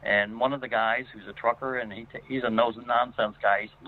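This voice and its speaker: A man's voice: medium pitch, fairly even intonation, a little fast. A man telling a personal story as a guest, rambling with many fillers and restarts. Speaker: guest paranormal investigator. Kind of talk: casual spoken storytelling. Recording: tinny phone line.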